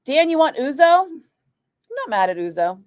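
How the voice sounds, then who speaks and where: A woman radio DJ chatting casually, telling an animated story and acting out what others said, with lots of "like" fillers. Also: sits high, normal speed, no room sound, clean studio sound. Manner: animated, acts out quoted voices, frequent "like". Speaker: radio DJ chatting with a live stream. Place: radio studio. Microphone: studio microphone.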